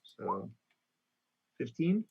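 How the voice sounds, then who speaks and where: A player in a tabletop role-playing game thinks aloud, working through his moves with some hesitation. He speaks very slowly, and the sound is lo-fi.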